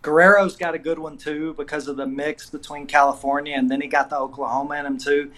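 A man's voice: a little high, flat delivery, fast talker, sharp tone. A man with a Southern accent, a wrestling coach chatting casually on a podcast and telling laid-back stories. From Southern US, Georgia.

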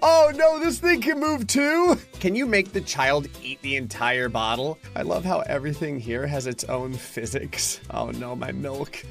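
A man giving let's-play commentary on a mobile game, excitable, laughing often and yelping in surprise. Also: fairly high pitch, measured pace, gravelly, hardly any pauses, soft background music. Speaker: gaming commentator.

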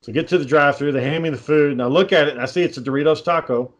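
A man's voice: fairly high pitch, racing. A man in casual chat, telling long stories with many fillers and restarts.

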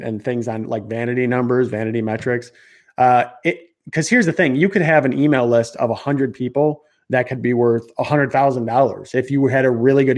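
A man with a Chicago accent, a podcast guest, explaining things in a lively, rambling way with many restarts and fillers. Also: mid-range voice. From Chicago area. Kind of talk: conversational interview explanation.

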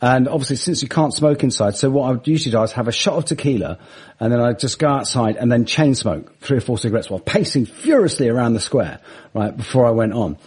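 A man with a husky voice, telling funny anecdotes in casual chat and laughing mid-sentence. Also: medium pitch, lively intonation, fast, darkish tone. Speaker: guest, comedian and musician.

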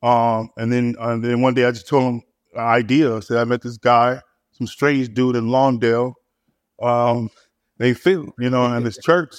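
A man, a pastor, telling his story in casual conversation, halting with many repeated words and fillers. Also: mid-range voice, fairly even intonation, clear, resonant tone, dry recording. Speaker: pastor and church planter.

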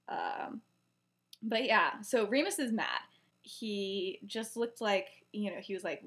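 A woman's voice: mid-range voice, animated, unhurried, a bit bright. Young woman rambling through a story. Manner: rambling, many fillers, acts out quoted lines. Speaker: podcast co-host. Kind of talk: casual chat retelling a story.

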